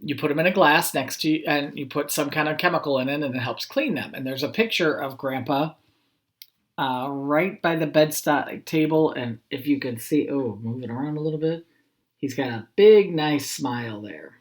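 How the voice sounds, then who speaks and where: A man, a school principal, reading a picture book aloud to children and chatting gently in asides. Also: on the high side, normal speed. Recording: roomy echo.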